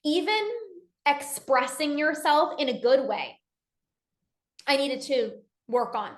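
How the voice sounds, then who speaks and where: Speaking slowly and expressively, this woman is a binge eating coach delivering a relaxed pep talk in a bright, high voice. Her earnest coaching slips into voiced inner thoughts, and the space around her echoes clearly.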